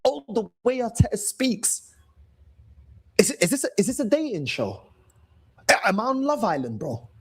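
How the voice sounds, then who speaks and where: A man's voice: high-pitched, big pitch swings, moderate pace, long pauses, breathy edge, low-quality recording. A man in his thirties with a London accent, ranting and swearing as host of a fan call-in show, mocking other fans. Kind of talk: angry fan rant.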